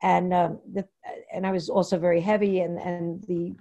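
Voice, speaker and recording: A woman's voice: lowish voice, level tone, warm tone. Woman, from Long Island, personal share, video call mic, rambling, restarts and fillers. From New York, Long Island. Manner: rambling, halting storytelling with many fillers and restarts. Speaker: recovery meeting speaker. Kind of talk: personal share at a Zoom meeting. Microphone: computer mic on a video call.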